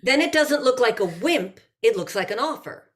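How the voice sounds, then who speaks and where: A woman's voice: fairly high pitch, normal speed. A woman who teaches improv reads a passage aloud and explains it in an interview, acting out the lines she quotes. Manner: lively, acts out quoted lines.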